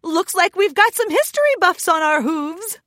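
A woman voicing a gentle, amused mother pony in a storybook reading. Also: very high-pitched, expressive, moderate pace, no room sound, studio quality, pitched above the performer's own voice.

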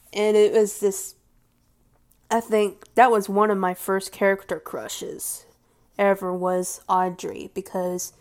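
A woman's voice: medium pitch, a little mellow. A woman talking in a casual, rambling monologue, gushing and sometimes dropping to a whisper.

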